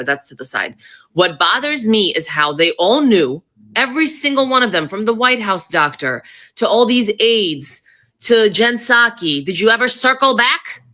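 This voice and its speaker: A woman's voice: lowish voice, animated, moderate pace, pushed and bright. Blunt, sarcastic woman in her thirties. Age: 30s. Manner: blunt, sarcastic, swears freely. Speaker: commentator. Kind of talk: heated political commentary.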